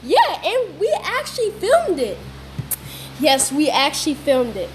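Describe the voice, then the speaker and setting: A woman telling viewers a wild story in an excited, rambling way, repeating herself and filling pauses with lots of ums. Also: sits high, slight background noise. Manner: breathless, repetitive, lots of fillers and restarts. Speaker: vlogger.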